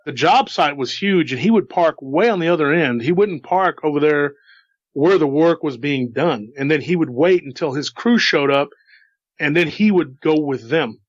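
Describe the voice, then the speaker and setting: A man's voice: a little high, animated, normal speed, no room sound. A man casually telling a paranormal story he heard, chatty and repetitive, with asides to the listener. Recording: dull, slightly lo-fi dry sound.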